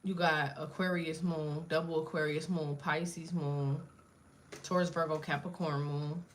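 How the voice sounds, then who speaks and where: A woman's voice: low voice, flat delivery, unhurried, slight background noise. A woman doing a casual live tarot reading, blunt and profane, chatting to viewers and jumping between cards and asides. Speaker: tarot reader.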